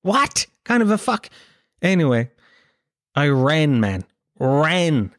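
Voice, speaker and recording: Irish comedian, 30s, animated storyteller, bit of a raised voice, dry room. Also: male voice, on the high side, slow, dry recording. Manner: animated, swearing, acts out quoted voices. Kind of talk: casual storytelling chat.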